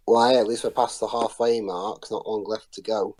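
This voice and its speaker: A man co-hosting a casual movie commentary, dropping halting bits of trivia. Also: on the low side, level tone, darkish tone. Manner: halting, trivia-sharing asides. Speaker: podcast co-host.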